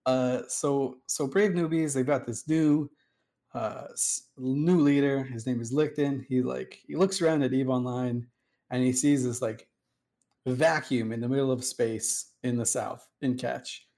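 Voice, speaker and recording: A man's voice: mid-range voice, fairly even intonation, unhurried, warm tone. A man hosting a casual chat, telling a long story in a chatty, digressive way. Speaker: host.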